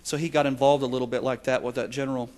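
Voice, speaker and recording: A man preaching a sermon, swinging between shouted passages and hushed, quiet ones. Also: mid-range voice, fairly even intonation, rapid-fire. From Texas.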